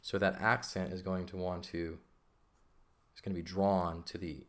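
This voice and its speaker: A man's voice: deep voice, little pitch movement, normal speed. A man teaching an ancient Greek lesson in a patient, casual way, often checking in with "okay?". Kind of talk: casual lesson explaining grammar.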